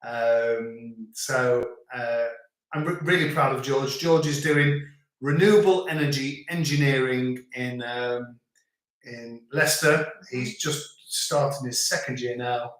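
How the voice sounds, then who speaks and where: A man's voice: medium pitch, slow, a bit bright. Chatty northern English man, echoey room. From England. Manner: chatty, rambling, repeats words. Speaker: host. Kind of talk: casual live-stream chat. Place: family home in rural France.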